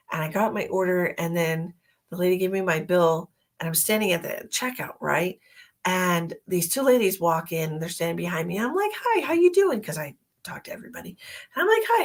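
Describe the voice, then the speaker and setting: A woman's voice: medium pitch, fairly bright tone. A middle-aged woman, a psychic medium, chatting casually on a livestream, rambling through an anecdote with many fillers and reading viewer comments aloud.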